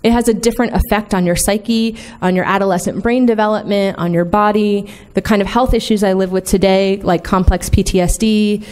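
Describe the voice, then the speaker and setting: A woman delivers a conference keynote in an earnest, candid voice at a middle pitch. She presses her points with emphasis and keeps checking in with the audience, her speech dotted with casual fillers. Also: fairly even intonation, a little fast, hardly any pauses, a little mellow. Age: adult, in the field twenty years. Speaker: conference plenary speaker. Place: conference hall.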